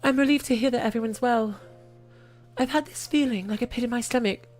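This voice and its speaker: A gentle girl oracle with a high, soft voice, hurrying through worried words, as a woman puts her on. She sounds a little distant from the mic, with faint music behind. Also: brisk, natural voice.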